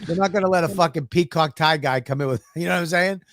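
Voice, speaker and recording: A man's voice: on the high side, fast, a bit bright. A man telling a profane, exasperated story on a podcast and acting out both sides of the talk. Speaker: podcast co-host. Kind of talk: animated storytelling.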